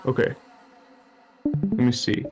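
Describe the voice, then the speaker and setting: A man's voice: slow, a little mellow, highs cut off, soft background music. A young man chatting on a stream over a video call, awkward and self-mocking, laughing often. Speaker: contestant on a dating stream. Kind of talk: casual stream chat.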